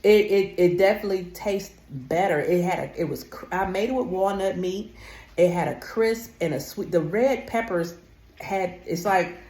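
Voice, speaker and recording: A woman's voice: fairly low pitch, normal speed, darkish tone, roomy sound. A woman vlogger talking casually and emphatically to her viewers, calling them honey. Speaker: wellness vlogger. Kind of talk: casual talk to camera.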